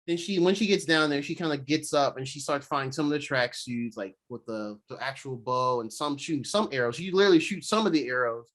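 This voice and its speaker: A man's voice: mid-range voice, fairly quick, hardly any pauses, fairly bright tone. A young man co-hosting a podcast, giving a loose, rambling recap of an episode in casual slang. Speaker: podcast co-host. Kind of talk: casual chat.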